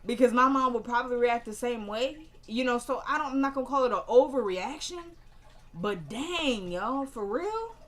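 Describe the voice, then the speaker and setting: A woman's voice: mid-range voice, fairly bright tone. A woman recapping a TV episode in casual chat, chatty and opinionated, quoting the characters' lines and turning to her viewers with asides. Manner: chatty, acts out characters' lines in quick bursts.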